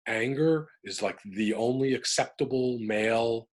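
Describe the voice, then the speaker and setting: At a measured pace and mid-range pitch, a middle-aged American man reflects personally as an interview guest. He works through his emotions aloud, sounding animated and emphatic.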